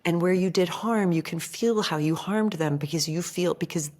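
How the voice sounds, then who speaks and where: A woman guest on a podcast, chatting casually, telling stories in a lively way, acting out quoted voices and saying "like" often. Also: on the low side, moderate pace. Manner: animated storyteller who acts out quoted voices, heavy use of "like".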